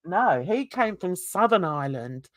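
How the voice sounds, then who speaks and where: A woman's voice: on the low side, sing-song, a little slow, no room sound, studio quality. A woman from Britain co-hosting a casual livestream chat, chatty, laughing often and greeting viewers. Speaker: livestream co-host.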